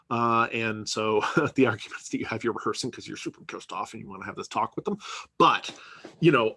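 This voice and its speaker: A man's voice: medium pitch, sharp tone, slightly rough, no echo. A man giving a conversational university lecture, often checking in with "right?" and filler words. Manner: conversational, peppered with "right?" and "you know".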